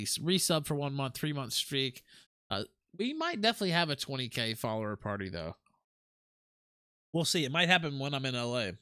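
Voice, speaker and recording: A man's voice: medium pitch, fairly bright tone, clean tone, no room sound, studio quality. A man hosting a casual livestream, reading chat messages aloud and swearing freely. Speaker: livestream host.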